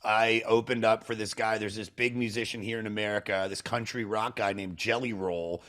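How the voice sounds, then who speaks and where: A man's voice: on the low side, fairly even intonation, normal speed, a bit bright. A man hosting a podcast in a casual chat. He laughs easily and talks in a loose, friendly way. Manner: chatty, laughs easily, says "dude". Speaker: podcast host.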